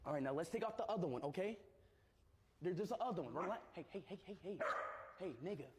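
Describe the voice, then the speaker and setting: An excitable man, a touch high in pitch, talks in quick bursts and says the same short phrases again and again. He sounds like a casual livestream, recorded in a roomy space with a long echo. Clear background noise and a barking dog sit behind him. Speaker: streamer.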